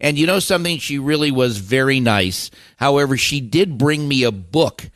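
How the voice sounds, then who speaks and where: An older man, a guest on a podcast, telling animated, rambling stories with many restarts. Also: medium pitch, moderate pace, no room sound, clean studio sound. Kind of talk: casual storytelling interview.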